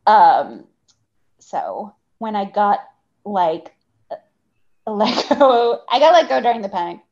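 A woman's voice: medium pitch, slow pace. A woman in her thirties, a journalist guest, telling a candid story with lots of fillers and swearing. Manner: animated, profane, full of fillers. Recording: slightly dull lo-fi audio.

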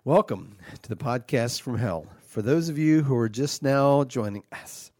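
A man's voice: mid-range voice, animated, moderate pace, darkish tone, no echo, studio quality, natural voice. A man playing a petty, aggrieved devil host. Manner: aggrieved, flustered, full of false starts. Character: petty, indignant devil hosting a podcast from hell. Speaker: podcast host.

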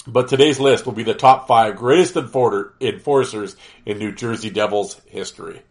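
A man with a somewhat low voice that sounds nasal and congested, as though he can't breathe through his nose. He talks in a loose, rambling way, full of "um"s and false starts, like a casual podcast host chatting alone. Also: normal speed. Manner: rambling, lots of fillers and restarts. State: stuffy nose, nasal from allergies. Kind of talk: casual solo podcast talk.

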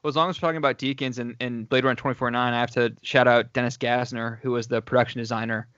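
Fast-talking guy with a bright voice, all hyped and teasing, dry muffled mic. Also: medium pitch, level tone, no room sound. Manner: enthusiastic, teasing. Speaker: podcast guest. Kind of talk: casual chat. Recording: dry, dull lo-fi sound.

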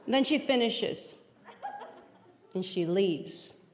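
A high-pitched woman tells a profane stand-up story, acting out every line of dialogue. She is heard in a roomy live venue with a loud, laughing crowd behind her. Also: sing-song, slow. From Mexican heritage. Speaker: stand-up comedian. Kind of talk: stand-up comedy set. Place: large venue before a live audience. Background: laughing audience.

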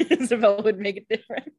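A woman's voice: medium pitch, moderate pace, a little mellow, slightly rough, dry recording, clean studio sound. A woman co-hosting a casual chat, adding wry quips and voiced quotes. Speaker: podcast co-host.

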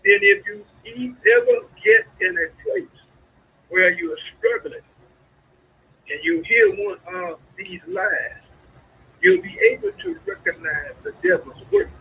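A man preaching a sermon, a pastor calling out to his congregation with sudden high swoops in his voice. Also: gravelly, pushed and bright, slight background noise. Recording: lo-fi radio broadcast sound.

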